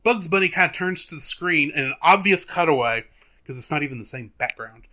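A man chats casually on a review podcast, his voice lifting and dropping with a lot of life as he tells the story. His tone is slightly high and bright, and he breaks into laughter along the way. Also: brisk. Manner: animated storyteller, laughs often. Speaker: podcast co-host, film reviewer. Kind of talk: casual chat.

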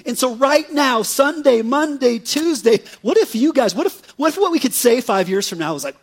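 A male pastor preaching a sermon in a conversational, animated way, often checking in with his listeners. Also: very high voice, moderate pace, hardly any pauses, husky. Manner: conversational, animated preaching with frequent "right?" asides.

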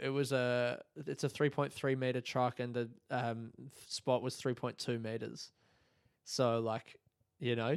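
A man's voice: medium pitch, clear, resonant tone, no echo, studio quality. A man hosting a podcast, telling a rambling, sweary, self-mocking story in a casual comic monologue. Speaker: podcast host.

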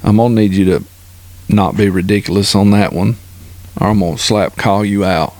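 A man teasing a friend in casual chat on a video call, playful and quick to laugh. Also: lowish voice, steady tone, a little mellow.

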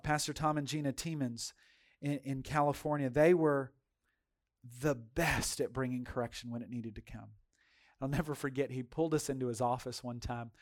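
A male pastor preaches in an animated, folksy storytelling style and talks straight to his congregation. His voice sits fairly high for a man. He swings from loud emphasis to hushed asides. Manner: folksy, addresses congregation directly. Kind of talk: sermon.

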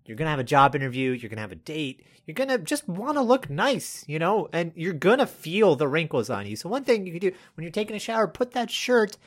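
A podcast co-host chatting casually, telling stories that swing between soft murmurs and excited bursts. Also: medium pitch, brisk, few pauses. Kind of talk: casual chat.

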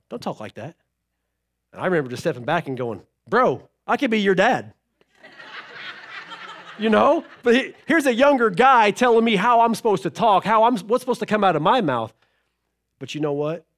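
Folksy preacher man. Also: fairly high pitch. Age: middle-aged. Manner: folksy storytelling with humor and asides to the congregation. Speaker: pastor. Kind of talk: sermon.

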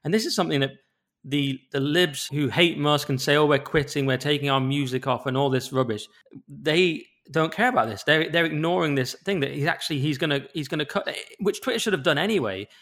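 Man, podcast co-host, rapid pace, opinionated, casual. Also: fairly high pitch, a bit bright. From England. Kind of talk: casual chat.

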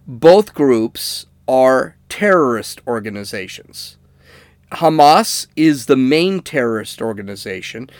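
A man's voice: mid-range voice, creaky, no room sound. Dry-voiced man giving casual commentary. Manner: conversational, fillers and restarts, asks "okay?" to listeners. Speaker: political commentator.

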